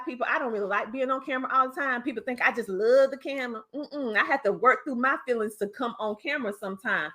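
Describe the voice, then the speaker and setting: A woman with a Southern twang hosting her podcast, giving an animated motivational talk with folksy slang to her live viewers. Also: high-pitched. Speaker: podcast host.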